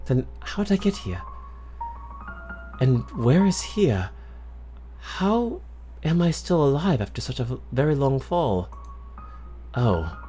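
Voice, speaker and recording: A man's voice: mid-range voice, very animated, takes it slowly, long pauses, dark tone, soft background music. A man voicing Alice, a young woman, with a put-on British accent, talking to herself as he reads game text in character. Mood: puzzled. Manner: mock-British, talks to herself.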